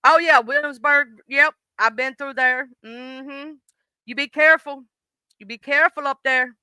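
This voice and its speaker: Bright-voiced chatty Southern US woman. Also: high voice, unhurried, dry recording. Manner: chatty, folksy, addresses viewers by name. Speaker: livestream host. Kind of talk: casual chat reading viewer comments.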